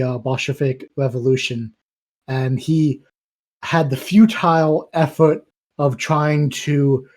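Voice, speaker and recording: A man chatting casually about a tabletop role-playing character, talking hesitantly with many pauses. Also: mid-range voice, a little mellow. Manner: hesitant, with fillers and a laugh. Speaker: podcast co-host.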